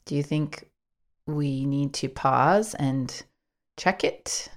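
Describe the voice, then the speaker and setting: Low, gravelly woman, podcast co-host, soft-spoken. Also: slow. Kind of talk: reflective podcast chat and reading. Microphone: podcast microphone.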